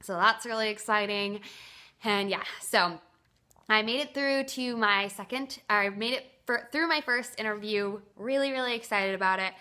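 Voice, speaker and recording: Chatty young woman with a bright voice. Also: medium pitch, moderate pace. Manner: chatty and excitable, many "like" fillers. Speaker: vlogger. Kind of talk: casual talk to camera. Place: at home, indoors.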